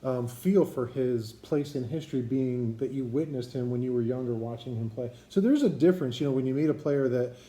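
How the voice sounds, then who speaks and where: Mellow-voiced host in casual chat. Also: male voice, medium pitch, brisk, hardly any pauses, roomy sound. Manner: supportive, sets up the guest's stories. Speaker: channel host interviewing a guest.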